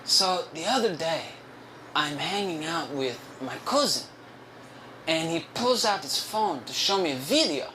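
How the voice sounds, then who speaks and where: A man voicing a quiet, creepy male restaurant busser who talks in halting, broken English. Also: a little high, expressive, a little hiss or hum, low-quality recording. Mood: hushed.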